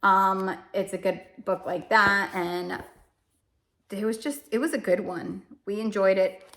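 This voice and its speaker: Chatty woman with a gravelly edge. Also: medium pitch, steady tone, measured pace, fairly bright tone. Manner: chatty and rambling, corrects herself often; emotional, self-deprecating. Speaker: homeschooling parent reviewing books. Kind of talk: casual chat.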